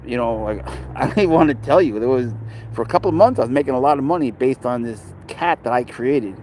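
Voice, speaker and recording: A chatty man from New York vlogs about his pet outdoors at a city dog park, rambling casually to passers-by and his chat. His medium-pitched voice is expressive, fast and a little mellow, with a little hiss or hum.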